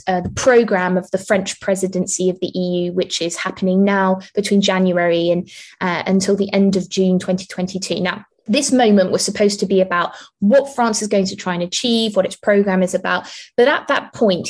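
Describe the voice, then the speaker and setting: A woman think-tank analyst giving measured, explanatory answers in an interview, with frequent restarts. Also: mid-range voice, darkish tone.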